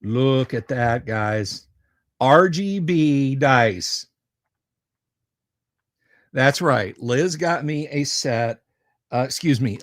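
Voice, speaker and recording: A man's voice: medium pitch, no room sound, studio quality. A man hosting a casual livestream, chatting with viewers in a rambling, jokey way. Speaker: livestream host.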